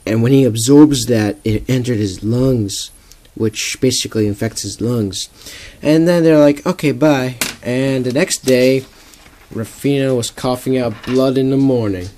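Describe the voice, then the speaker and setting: A man's voice: mid-range voice, unhurried, warm tone, a little hiss or hum. A young man casually narrating a homemade comic story, rambling with lots of "like". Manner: rambling, full of "like".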